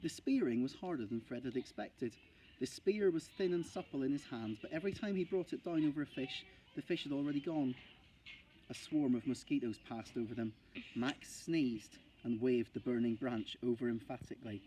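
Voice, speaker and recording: A male primary school teacher reads a children's novel aloud with steady, expressive storytelling. His voice sits at a middle pitch. Faint noise runs under the recording. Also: moderate pace.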